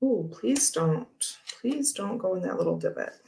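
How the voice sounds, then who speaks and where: A woman's voice: medium pitch, expressive, a little slow, vocal fry, warm tone. A woman hosting a tarot livestream, chatting casually and rambling with frequent laughs while she handles cards.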